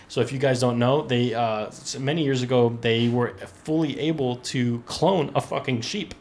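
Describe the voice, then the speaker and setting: Podcast host guy reading an article out loud, casual and swearing, keeps restarting words. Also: medium pitch, steady tone, normal speed, few pauses, slight background noise. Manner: loose, laughing, profane, restarts while reading.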